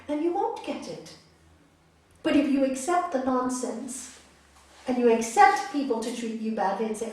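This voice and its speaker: In a large hall, a woman yoga teacher gives an emphatic spiritual talk answering audience questions, repeating phrases and checking in with listeners. Her voice is slightly high, sing-song and darkish at a measured pace, picked up by a distant mic in the echoey space.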